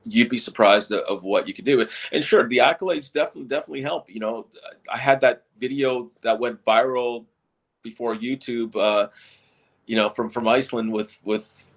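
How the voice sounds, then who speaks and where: A man's voice: mid-range voice, normal speed. A middle-aged man, a stage hypnotist, telling stories in a casual interview and often repeating and restarting his words.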